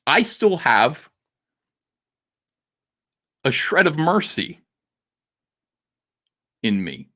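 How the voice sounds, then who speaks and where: A man hosting a comics livestream, talking in a theatrical monologue that swings between quiet and loud, with frequent laughs. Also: on the high side, very animated, drawn-out words, pauses often.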